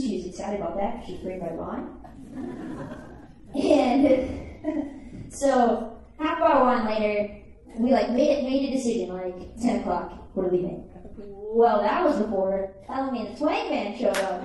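A woman's voice: fairly high pitch, expressive, moderate pace, a little mellow, a little hiss or hum. A woman in her twenties telling a personal story live, chatty and full of "like". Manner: chatty, peppered with "like". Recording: echoey room heard from a distance.

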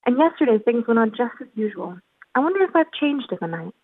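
A woman's voice: a little high, big pitch swings, a little fast, dry recording. Alice, a fussy puzzled little girl talking to herself, read by a woman, tinny phone-like sound.

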